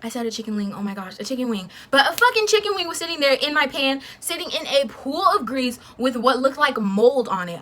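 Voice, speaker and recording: A young woman tells a casual storytime to her camera, animated and full of swearing and "like" fillers. Her voice sits fairly high and sounds bright and forceful. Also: brisk, few pauses. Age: young adult. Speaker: vlogger.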